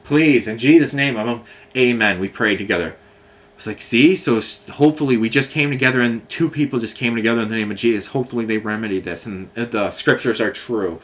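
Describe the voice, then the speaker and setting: A man's voice: on the low side, fast talker, fairly bright tone. A man angrily recounting a billing dispute in a repetitive, swearing personal rant.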